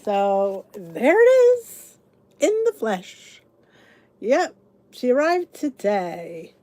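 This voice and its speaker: Middle-aged woman, livestream host, casual chatter, lively swooping pitch, greets viewers. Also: extremely slow, slight background noise. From United States. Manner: chatty, greets viewers by name, frequent laughs.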